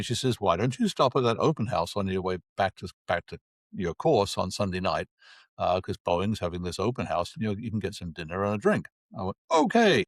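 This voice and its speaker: Man in his sixties, from England, lowish voice, dry close sound, animated anecdotal storytelling. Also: dry recording. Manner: lively anecdotal, acts out quoted dialogue. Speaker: interview guest. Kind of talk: conversational storytelling.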